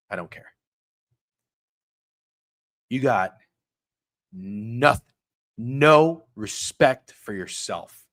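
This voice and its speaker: A man hosting a live sports betting stream, ranting with heavy swearing and swinging from muttered asides to loud outbursts. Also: fairly low pitch, no room sound. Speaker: sports betting show host.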